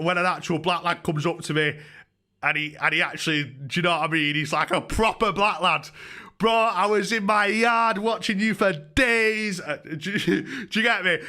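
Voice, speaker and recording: A young man tells a story on his livestream, swearing freely and tripping over restarts. His voice sits a little high, bright and forceful. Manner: profane, excitable, rambling with many restarts. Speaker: YouTuber streamer.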